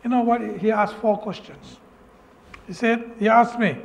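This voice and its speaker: High-voiced Malaysian man telling his story. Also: measured pace. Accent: Malaysian English. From Malaysia, Penang. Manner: earnest, emotional storytelling with broken, repeated phrases. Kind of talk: personal story speech.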